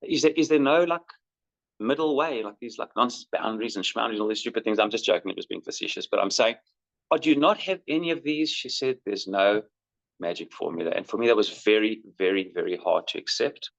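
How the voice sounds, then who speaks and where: This middle-aged dad talks fast in a lowish, creaky voice, sharing candid stories about his son and getting livelier whenever he quotes someone. It's conversational storytelling captured on a muffled lo-fi recording.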